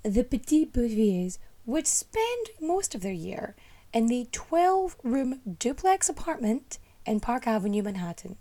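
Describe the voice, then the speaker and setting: A woman's voice: a little high, very animated, measured pace, mellow. A woman hosting a history storytelling show, chatting casually and tossing playful, teasing asides to her audience. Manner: emphatic, teasing humour.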